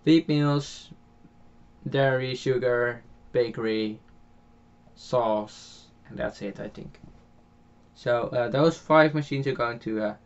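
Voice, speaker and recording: A man's voice: medium pitch, takes it slowly, dull audio. A man with a Dutch accent giving casual, hesitant commentary on a farming game, voiced after the recording, with many filler sounds and restarts. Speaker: game channel host.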